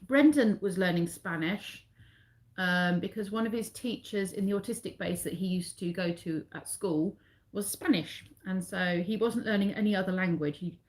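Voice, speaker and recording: A woman's voice: medium pitch, moderate pace. A middle-aged Englishwoman chatting with her live viewers. She rambles, loops back and corrects herself, and her tone stays friendly and informal. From England. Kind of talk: casual live-stream chat.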